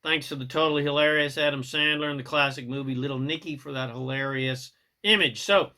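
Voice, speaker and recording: Casting: middle-aged spiritual teacher, irreverent and profane, slightly high voice. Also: male voice, fairly quick, bright, forceful tone. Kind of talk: monologue spiritual message.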